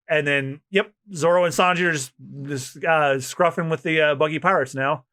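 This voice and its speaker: A man's voice: on the high side, fairly even intonation, normal speed, few pauses, sharp tone. A man co-hosting a podcast, chatting enthusiastically and reading a manga aloud. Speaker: podcast co-host.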